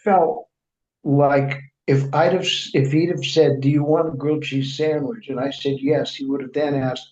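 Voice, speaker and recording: A man with a fairly high, mellow voice tells long stories as an interview guest. He restarts his sentences, fills the gaps with "uh", and slips into quoting other people. The sound is dull and lo-fi, in a roomy, echoing space. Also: steady tone, normal speed. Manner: rambling anecdotes with frequent restarts and fillers; acts out other people's remarks in quoted speech. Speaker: interview guest, writer and journalist. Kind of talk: conversational storytelling in an interview. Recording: echoey room, dull lo-fi sound.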